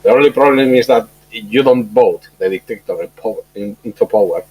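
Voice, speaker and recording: A man's voice: on the low side, fairly quick, a little mellow, breathy edge, rough recording. A man joining a livestream as a guest, making dry, wry remarks in casual chat. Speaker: returning guest.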